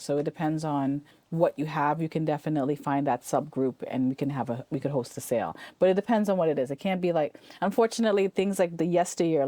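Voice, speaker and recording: A chatty, animated woman with a lowish voice talks as an interview guest. She laughs easily and trips over her own restarts. The sound is close and dry. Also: dry recording. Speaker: estate sale owner and real estate agent, guest. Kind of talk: casual interview chat.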